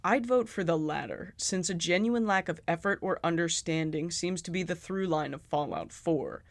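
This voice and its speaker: Sarcastic high-voiced male critic. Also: moderate pace, gravelly, no echo. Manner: sarcastic, profane, exasperated. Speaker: video essayist. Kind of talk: critical game commentary.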